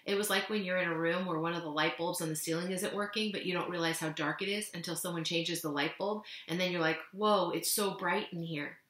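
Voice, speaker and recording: A woman, a teacher, reading a children's novel aloud in an expressive storytelling way. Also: lowish voice. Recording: echoey room.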